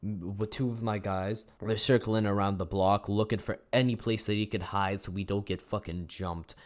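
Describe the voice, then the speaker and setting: Teen dude with a deep voice telling a storytime, swears a lot, rambly, yells the quotes. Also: male voice, fairly even intonation, moderate pace. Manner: slangy, profane, rambling with restarts; acts out quotes in a loud high yell. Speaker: storytime YouTuber. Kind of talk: casual storytelling over gameplay.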